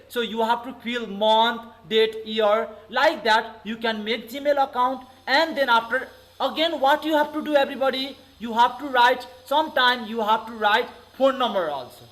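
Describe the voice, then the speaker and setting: A man's voice: extremely high pitch, sharp tone, low-quality recording. A male English teacher with a Nepali accent, giving an online lesson and calling on the class over and over. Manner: repetitive, keeps calling on the class with okay and everybody.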